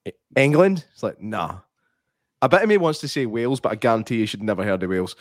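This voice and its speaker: A man's voice: lowish voice, animated, fast talker, no room sound, studio quality. A Scottish man co-hosting a podcast, chatting casually and telling stories with lots of laughter. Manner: laughing storyteller, mimics voices in anecdotes. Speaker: podcast co-host. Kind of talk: casual chat.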